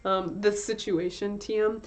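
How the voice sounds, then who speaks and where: A woman's voice: mid-range voice, fairly even intonation, unhurried. A young woman streaming, chatting casually with her viewers, rambling and giggling, swearing now and then. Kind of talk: casual chat while working. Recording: slightly dull lo-fi stream audio with faint music. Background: faint music.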